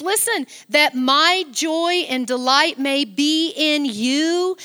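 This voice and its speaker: Slow, bright-voiced woman preaching. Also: high-pitched, in a large hall. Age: middle-aged. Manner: swings from loud exclamations to soft near-whispers; affectionate, speaks straight to the congregation. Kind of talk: sermon with scripture reading.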